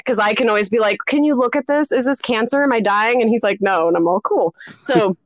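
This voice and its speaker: Speaking fairly quickly in a voice on the high side, this female podcast co-host is recorded dry. She rambles through a story casually, laughing a lot and teasing herself.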